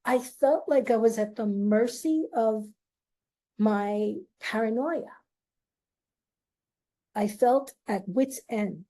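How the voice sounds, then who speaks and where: A middle-aged woman hosting her own show, slowly and earnestly telling a personal story in a confiding way. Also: on the high side, mellow. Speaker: host.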